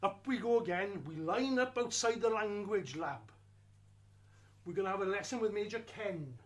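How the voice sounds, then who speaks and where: A man telling a lively first-person story of his school days, wry and slowing down for emphasis. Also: high voice. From Wales.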